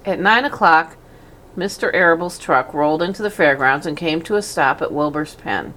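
A woman narrating a children's storybook in a gentle, even manner. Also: sits low, moderate pace. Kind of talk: storybook reading aloud.

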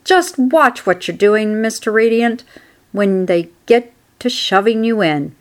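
A woman's voice: on the high side, lively intonation, a little slow. Templeton, a woman doing a fussy grumbling rat. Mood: indignant. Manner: complaining, long indignant lists.

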